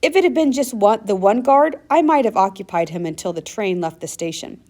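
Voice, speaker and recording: A woman reading an audiobook aloud in first person, steady and earnest. Her narration is measured, with a mid-range voice that carries the story plainly. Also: mid-range voice.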